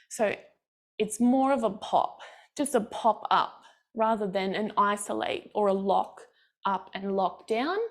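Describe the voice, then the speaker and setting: Encouraging woman counting dance steps. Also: on the high side. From Australia. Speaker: bellydance teacher. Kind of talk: dance class instruction, counting beats. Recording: faint music behind. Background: class music.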